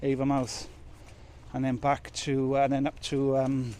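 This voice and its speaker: A man's voice: mid-range voice, monotone, a little slow, mellow, slight background noise. A man chatting casually as he loads his truck outdoors, rambling and joking at his own expense. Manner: chatty, rambling, self-mocking. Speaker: truck driver vlogger. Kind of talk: casual chat while working. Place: outdoors at a loading yard in rain.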